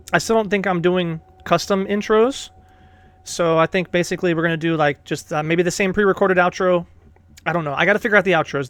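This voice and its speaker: A man hosts a casual let's play, reacting to the game with excitable hoots and frequent cursing. His voice sits high for a man. The recording is close and dry, with no room sound. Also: dry recording. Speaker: gaming channel host.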